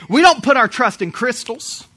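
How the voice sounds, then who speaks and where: A man's voice: very high voice, lively intonation, moderate pace, sharp tone. A male preacher delivering a sermon in an emphatic, storytelling way, hammering repeated phrases.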